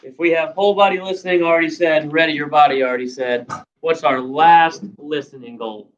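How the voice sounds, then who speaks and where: A woman's voice: sits low, fairly even intonation, a little fast, dull audio. A woman teacher leading young children through a lesson, patiently prompting and repeating her questions. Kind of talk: classroom instruction to young children.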